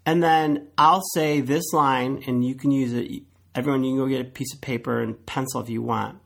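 A man as a podcast guest, chatting casually and telling animated stories, acting out what people said. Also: mid-range voice, moderate pace, gravelly. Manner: animated storyteller acting out quoted dialogue. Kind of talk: casual chat.

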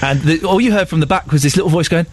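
A man's voice: on the high side, fast talker, slight background noise. A man hosting a radio phone-in show, chatting and telling jokey stories with a wry tone. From England. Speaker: radio presenter. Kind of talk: casual radio chat. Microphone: studio microphone.

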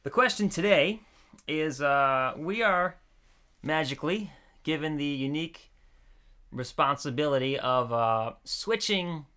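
A man hosts a relaxed podcast conversation in a bright, lightly raised voice. He laughs often and repeats words as he gathers his thoughts. His tone stays easygoing and conversational. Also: on the high side, measured pace. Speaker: podcast host. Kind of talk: casual chat.

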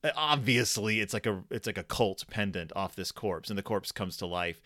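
A man's voice: on the low side, moderate pace, bright, forceful tone, no room sound, studio quality. A man co-hosting a casual podcast chat, rambling with laughs and restarts. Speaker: podcast co-host. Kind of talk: casual chat reviewing a horror episode.

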